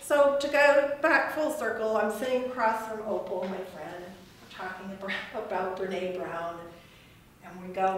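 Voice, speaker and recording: A woman's voice: mid-range voice, fairly even intonation, unhurried. A woman giving a casual, reflective gallery talk about her weaving, rambling and laughing often. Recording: echoey room from a distance, faint noise.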